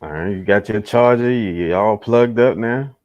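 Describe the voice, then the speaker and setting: A man's voice: lowish voice, normal speed, highs cut off. A young man hosting a casual livestream chat, laid-back, swearing freely and laughing often. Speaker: host.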